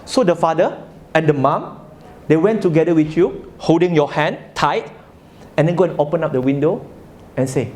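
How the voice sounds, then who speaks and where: A man's voice: fairly high pitch, normal speed, pauses often, a little mellow. A man giving a religious talk to a live audience, telling a story and asking listeners questions. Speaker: religious speaker.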